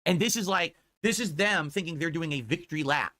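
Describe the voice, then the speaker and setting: A man rants at speed in a bright, forceful voice, mocking and swearing as he picks apart someone's setup. His voice sits a little above the usual pitch for a man. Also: a little fast. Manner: mocking, profane ranting. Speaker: streamer. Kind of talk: ranting stream commentary.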